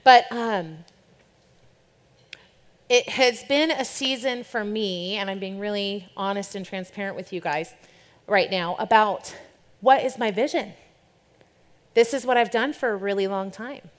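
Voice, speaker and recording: A woman's voice: mid-range voice, a little slow, long pauses. A young adult woman, a worship leader, giving a candid, informal talk to a church group. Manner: chatty and candid, shifts into playful quoted voices. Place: church or event hall with an audience. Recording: long hall reverb.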